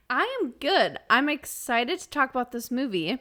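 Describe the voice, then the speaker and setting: Female co-host, casual banter, cheerful, chatty, bright tense tone, fairly high voice. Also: sing-song, moderate pace. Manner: cheerful, chatty, laughing easily. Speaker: podcast co-host. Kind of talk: casual chat.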